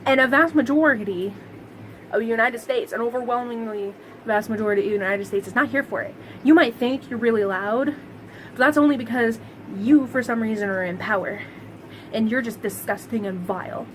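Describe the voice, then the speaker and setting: A woman's voice: fairly high pitch, brisk, slight background noise, rough recording. A woman vlogger delivering a heated, sarcastic monologue to camera, swearing constantly. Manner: profane, heated, sarcastic ranting.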